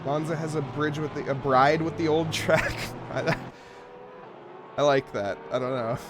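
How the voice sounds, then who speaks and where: A man's voice: on the high side, steady tone, unhurried, noisy background. A man commentating a live sim racing event, joking about himself and laughing often. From English-speaking. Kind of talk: live esports race commentary.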